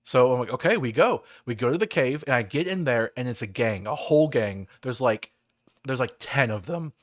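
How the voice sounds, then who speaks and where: A man's voice: medium pitch, animated, moderate pace. A man hosting a livestream, rambling through a game story in casual chat with lots of fillers. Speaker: livestream host.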